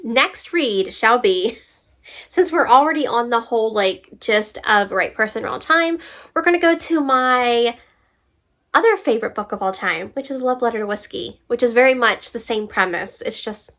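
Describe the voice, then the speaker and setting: Animated young woman reacting to reviews. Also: fairly high pitch, normal speed. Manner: animated and exasperated, talks back to reviews. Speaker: book vlogger. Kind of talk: casual reaction vlog, reading reviews aloud.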